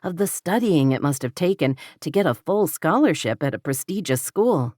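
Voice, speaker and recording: A woman reading an audiobook romance novel in a measured, steady manner. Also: sits low, breathy edge, dry recording, clean studio sound. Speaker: audiobook narrator. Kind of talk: scripted romance narration.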